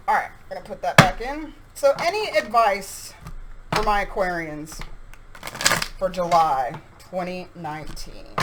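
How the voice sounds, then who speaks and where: A woman's voice: on the low side, unhurried, very noisy. Chatty woman giving a tarot reading. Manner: chatty, animated, talks straight to viewers with acted asides. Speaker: tarot reader. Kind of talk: casual tarot reading to camera.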